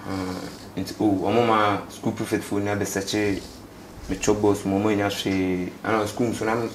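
A young man from Ghana gives a casual interview in a low, flat voice. He speaks haltingly and repeats himself, mixing English with local words. The recording has an echo and faint background noise. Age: young adult.

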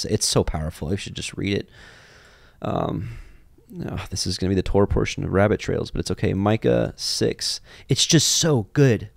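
A man's voice: on the low side, creaky, darkish tone, no echo, studio quality. A man giving an informal, conversational Bible teaching, drifting off on side tangents and reading passages aloud. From grew up in a Jewish family. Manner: conversational, digressive, reads scripture aloud.

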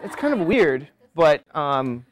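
Lively preachy male college teacher. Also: fairly high pitch, slow. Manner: lively, preachy, rhetorical questions to students. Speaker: college statistics instructor. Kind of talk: classroom lecture digression. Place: classroom.

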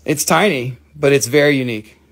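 A man's voice: mid-range voice, fairly quick. An American man hosting a live mineral sales stream, joking and casual, talking into a phone. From grew up near Washington, D.C. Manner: playful, jokey, swears casually.

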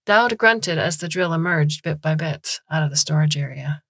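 A woman narrating a science fiction story in a measured audiobook reading. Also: deep voice, animated, fairly bright tone, breathy edge.

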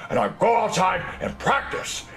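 A man voicing a solemn old martial arts teacher in a puppet comedy, with a thick put-on accent and grave, slow storytelling. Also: sits high, wildly swooping pitch, crowd noise.

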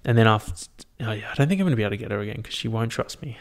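A man's voice: lowish voice, animated, very fast, creaky. A man hosting a casual solo podcast, rambling and swearing freely. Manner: rambling, heavy swearing, amused. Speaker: podcast host. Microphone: headphones and podcast mic.

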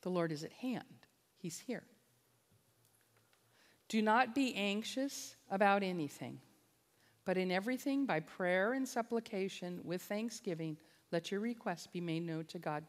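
Slow, impassioned woman preaching in a hall. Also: medium pitch, lively intonation. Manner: impassioned, emphatic repetition. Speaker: conference speaker and biblical counselor. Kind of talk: preaching a sermon-style talk. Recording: long reverb of a large hall.

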